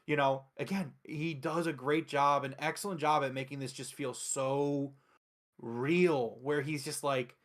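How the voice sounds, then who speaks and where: A man runs a wrestling review show, chatting casually in an excitable, foul-mouthed way. He recounts what happened with quick acted-out quotes, his voice sitting at a medium pitch.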